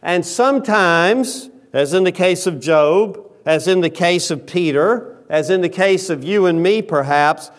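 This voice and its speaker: A man preaching a sermon as pastor, talking slowly and deliberately with frequent pauses. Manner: quiet, lowered voice in prayer.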